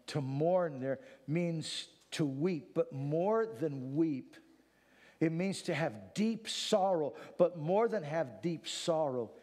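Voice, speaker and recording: A man preaching a sermon. He swings from hushed, solemn passages to fervent near-shouting. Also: fairly high pitch, long reverb tail.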